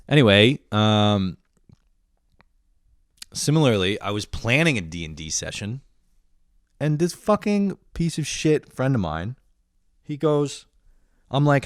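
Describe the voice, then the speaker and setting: In a casual comedic rant, a man in his twenties who vlogs swears heavily, laughs frequently and stays animated throughout. He speaks at a moderate pace in a lowish voice, recorded at studio quality with no room sound.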